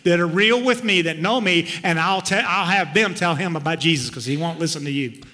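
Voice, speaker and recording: A man, a pastor, voicing a calm, firm heavenly Father inside his sermon. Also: fairly high pitch, brisk. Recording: long reverb of a large hall.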